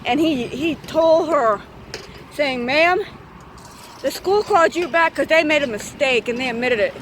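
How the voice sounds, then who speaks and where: A woman telling a personal story in casual storytime style, animated and swearing freely as she acts out what everyone said. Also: high-pitched, a little slow, slight background noise, rough recording.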